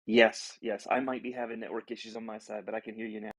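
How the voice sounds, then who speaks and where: A man's voice: lowish voice, level tone, fast, fairly bright tone, breathy edge, dry recording. A man hosting a video call, friendly and laughing as he welcomes people. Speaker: host. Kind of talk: casual chat.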